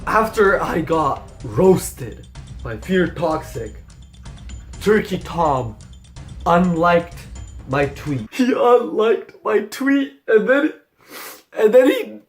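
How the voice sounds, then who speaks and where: Young male commentary host, high voice, sarcastic and foul-mouthed, faint music bed. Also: sing-song, drawn-out words. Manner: sarcastic, profane, mocking impressions. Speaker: commentary YouTuber. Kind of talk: YouTube drama commentary.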